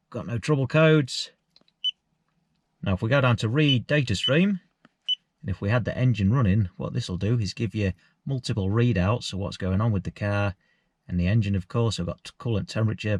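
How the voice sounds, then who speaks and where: A man's voice: on the low side, moderate pace, no room sound. Candid chatty man explaining car tools. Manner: candid, chatty, addresses viewers as guys. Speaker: car enthusiast vlogger. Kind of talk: casual explanatory car vlog.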